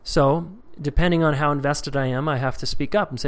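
A man's voice: a little high, steady tone, brisk. Casual, candid male coach. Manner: casual, candid, reads out members' comments; acts out little dialogues with shifting voices. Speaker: coach leading a members' group call. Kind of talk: live coaching call with Q&A.

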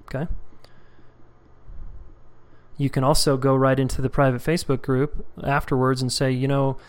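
A man's voice: mid-range voice, level tone, fast. A man leading a live coaching call with questions and answers, reading members' comments aloud and speaking casually and candidly. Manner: acts out little dialogues with shifting voices.

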